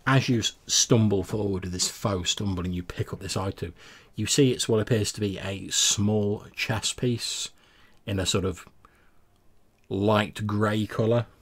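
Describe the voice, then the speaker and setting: Casting: game master narrating a tabletop game, man, deep husky voice, descriptive. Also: fairly even intonation, fairly bright tone. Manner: descriptive, halting restarts.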